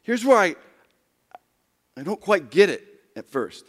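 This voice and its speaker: A male pastor delivering a sermon in a high, very lively voice that rises to loud emphasis and drops to a hush. His words ring with the long reverb of a large church hall. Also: a little slow. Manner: dramatic, swings from loud emphasis to hushed near-whispers.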